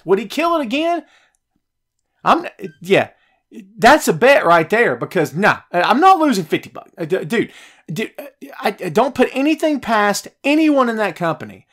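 A podcast host, a man, rants about wrestling with a high, very lively voice that leaps up and drops low as he gets fired up. He swings from loud outbursts to muttered asides while answering his live chat. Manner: animated, fired-up ranting, swings loud and soft. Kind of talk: heated wrestling rant.

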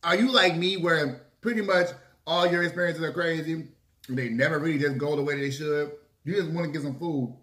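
A man telling a story casually to his viewers, lively and swearing freely. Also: a little high, moderate pace. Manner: animated, acts out quotes, swears freely. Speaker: mukbang vlogger. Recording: echoey room.

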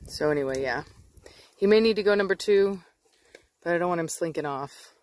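A woman hosting a casual dog vlog outdoors. She explains training in a chatty way and switches to coaxing baby talk and sharp commands for her dogs. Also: fairly low pitch, a little fast. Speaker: dog breeder and channel host.

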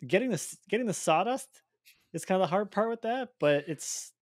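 A man's voice: high voice, animated, brisk, no echo, clean studio sound. A man co-hosting a podcast who talks in a hesitant, wry way. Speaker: podcast co-host. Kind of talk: casual podcast chat.

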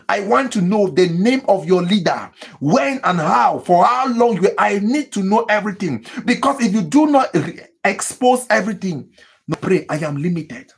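A pastor preaches in emphatic bursts and repeats himself. His voice sits high and leaps all over, with a husky, gravelly edge. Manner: emphatic preaching with repetitions and sudden high exclamations; mimics people praying in tongues. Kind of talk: sermon.

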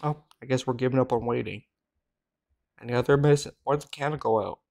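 A woman's voice: extremely low pitch, a little fast, creaky, dark tone. A woman narrating her gameplay with wry, joking asides. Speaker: gameplay streamer. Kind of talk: let's play commentary.

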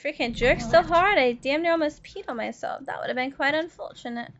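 A woman streamer giving casual, profane gameplay commentary, chatting with viewers and breaking into laughs and loud outbursts. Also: high voice, fairly quick. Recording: dull lo-fi stream audio with faint music.

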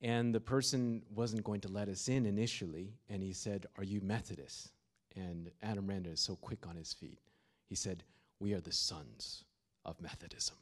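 A man preaching with a low-pitched voice. He tells his stories plainly and then builds to emphatic, fervent declarations. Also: fairly even intonation, moderate pace, few pauses. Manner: storytelling, rising to emphatic fervor. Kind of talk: sermon with opening prayer. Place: university chapel or hall.

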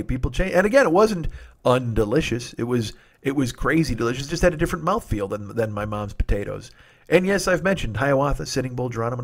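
A man in his forties hosting a comedy podcast, delivering a rambling, profane, nostalgic comic monologue. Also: medium pitch. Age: 40s.

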